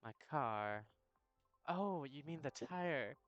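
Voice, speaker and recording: A man's voice: medium pitch, animated, slow pace, a bit bright, no echo, muffled recording, faint music behind. A man reading the lines of a polite young female banshee customer in a game, in a formal, gracious manner.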